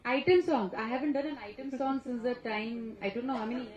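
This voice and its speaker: A woman, an actress at a press conference, telling stories in an animated, chatty way and often laughing and restarting. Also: fairly high pitch, fairly quick. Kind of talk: casual press-conference storytelling. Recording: echoey, slightly dull press-room sound.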